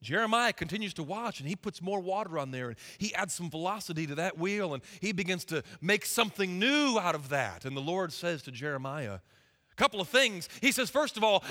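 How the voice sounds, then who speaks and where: Bright, high-voiced preacher in a reverberant hall. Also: male voice, sing-song, a little fast. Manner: impassioned, folksy southern turns of phrase. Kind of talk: sermon. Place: church sanctuary.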